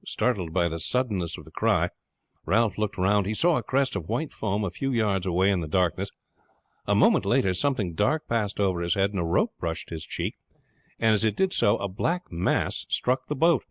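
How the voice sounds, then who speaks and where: A man narrating an adventure novel with a steady, measured reading. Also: fairly low pitch, no room sound. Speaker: audiobook narrator. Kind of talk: scripted narration.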